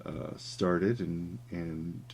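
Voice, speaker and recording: A man's voice: low-pitched, fairly even intonation, very slow, a little mellow, a little hiss or hum. A man telling a story in a casual, rambling way while he draws, with many fillers. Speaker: caricature artist streaming his drawing. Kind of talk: casual chat while drawing.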